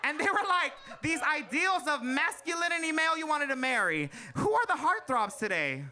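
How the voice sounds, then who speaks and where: A man's voice: very high-pitched, sing-song, moderate pace, sharp tone. A man performing a stand-up set as a drag queen, brash and sassy, swearing freely and laughing through his jokes on a live stage. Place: live comedy stage before an audience.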